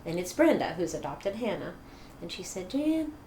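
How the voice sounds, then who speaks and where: Middle-aged female guest, animated storyteller, low-ish voice, echoey room recording. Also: normal speed. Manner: animated, laughs often, acts out quoted dialogue. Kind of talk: personal storytelling. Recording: echoey room with faint noise.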